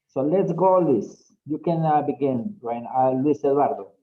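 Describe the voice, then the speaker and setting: A man's voice: mid-range voice, lively intonation, normal speed, dull audio. A man teaching an English class over a video call, patient and encouraging. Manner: patient, encouraging, repeats okay often.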